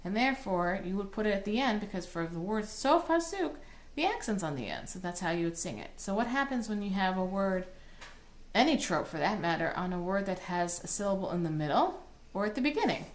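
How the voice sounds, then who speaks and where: A woman's voice: mid-range voice, sing-song, a little fast. A woman cantor teaching Torah cantillation, explaining plainly and breaking into short sung chant phrases. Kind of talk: recorded online lesson.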